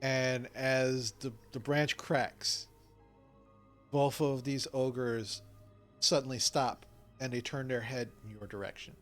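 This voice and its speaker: Game master guy, laid back narrating, lots of ums, middle pitch. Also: slow pace, soft background music. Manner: filler-heavy, relaxed storytelling.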